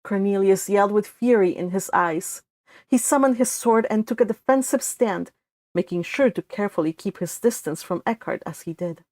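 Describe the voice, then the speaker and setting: A woman narrates her own fan fiction in a steady read-along style. Her pitch sits in the middle range. The sound is close and dry. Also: moderate pace, no echo. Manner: steady storytelling with occasional slips. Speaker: fan fiction author reading aloud.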